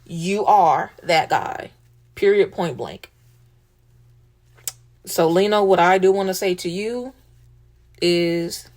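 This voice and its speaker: A woman's voice: fairly low pitch, slow, long pauses, darkish tone. A woman hosting a casual monologue, speaking emotionally and emphatically, repeating herself and swearing casually. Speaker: host.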